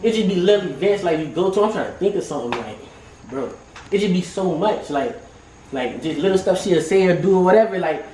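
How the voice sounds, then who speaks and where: A young man speaks in a high voice for a man, relaxed and slangy, full of fillers as he opens up to the group. The sound is roomy and picked up from some way off. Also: fairly quick, slight background noise. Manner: slangy, loose, says "you feel me" and "like" again and again. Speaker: team member sharing his story. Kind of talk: casual heartfelt testimony in a group circle. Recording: roomy, from a distance.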